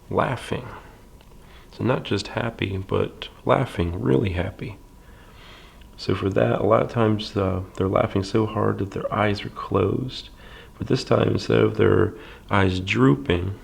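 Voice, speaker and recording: A man teaching a library drawing lesson step by step, calm and patient, with many fillers and soft half-whispers while he draws. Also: fairly low pitch, vocal fry, breathy edge.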